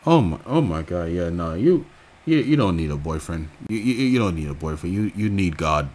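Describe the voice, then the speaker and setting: A man giving profane reaction commentary, crude and incredulous, with loud outbursts. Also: low-pitched, lively intonation, normal speed.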